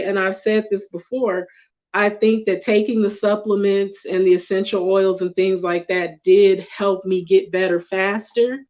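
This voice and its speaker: A woman's voice: medium pitch, darkish tone. Candid woman on a dull lo-fi line. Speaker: guest. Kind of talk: casual chat.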